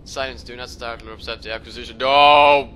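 Bright-voiced young man gaming. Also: mid-range voice, level tone, racing. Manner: jokey, swears a lot, loud startled reactions. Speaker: let's play host. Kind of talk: casual gameplay commentary.

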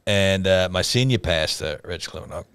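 Deep-voiced older Australian man telling a story. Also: normal speed, smooth, no room sound. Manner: animated, acts out voices, laughs often. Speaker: pastor and show co-host. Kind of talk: casual storytelling chat.

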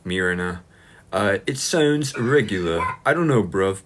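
A man's voice: on the low side, expressive, measured pace, a bit bright, slight background noise. A young man from California hosting a live stream, talking casually in a rambling, chatty way. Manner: rambling, chatty, restarts and laughs.

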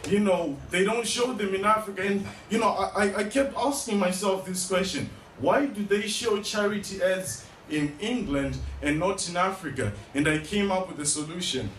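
A man performing a rambling stand-up comedy set in a tea room, with stammering restarts. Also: high voice. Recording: echoey room, distant mic, noisy.

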